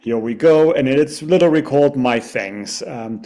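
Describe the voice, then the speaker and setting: Soft mellow guy on a zoom call, reads a short thanks poem, lots of "you know". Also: mid-range voice, normal speed, few pauses. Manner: gentle, grateful, many "you know" fillers. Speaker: poet at open mic. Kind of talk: casual chat and poetry reading. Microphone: video call mic.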